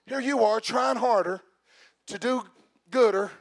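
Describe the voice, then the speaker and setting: A man preaching a sermon to a congregation, talking to them directly with humor, shouting and slowing down for emphasis, then dropping to quiet asides. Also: extremely high pitch, a little hiss or hum.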